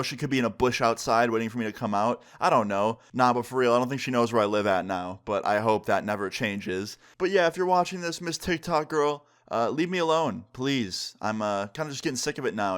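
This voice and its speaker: Young male vlogger, casual story time, mid-pitched voice, animated when quoting people. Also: fast, few pauses, smooth. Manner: conversational, acts out quotes with pitch jumps. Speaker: YouTuber telling a story time.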